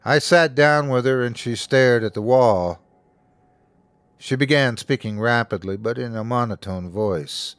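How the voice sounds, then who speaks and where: A man's voice: on the low side, unhurried, no echo. Man narrating a horror story, dry close sound. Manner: steady first-person storytelling. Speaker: host and narrator.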